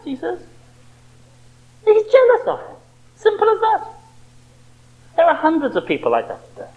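A man's voice: very high-pitched, wildly swooping pitch, moderate pace, long pauses, phone-quality sound. A man preaching a sermon with impassioned rhetorical questions.

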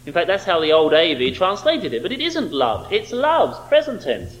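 A man's voice: sits high, big pitch swings, normal speed, slight background noise, low-quality recording. A man preaching a sermon, emphatic and fond of rhetorical questions.

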